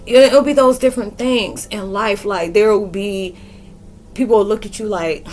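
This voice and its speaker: A woman in her forties giving a rambling, slangy spiritual monologue and acting out quoted dialogue in a lively way. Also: medium pitch, moderate pace, slight background noise. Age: 40s. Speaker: spiritual podcaster and reader.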